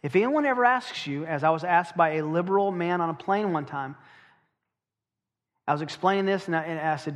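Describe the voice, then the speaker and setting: A man preaching a sermon. He is emphatic, asks rhetorical questions, and slows down to stress key phrases. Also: a little high, long reverb tail.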